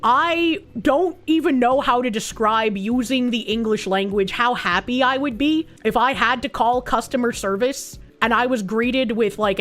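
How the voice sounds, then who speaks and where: A woman's voice: a little high, a bit bright. A woman giving casual, opinionated commentary on the news, sarcastic and blunt with plenty of swearing and frequent laughter. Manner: laughs often.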